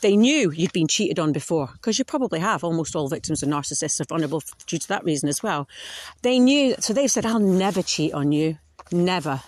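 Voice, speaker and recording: A woman's voice: on the low side, big pitch swings, fast. A woman hosting a podcast, talking frankly in a casual monologue and swearing freely. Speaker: podcast host.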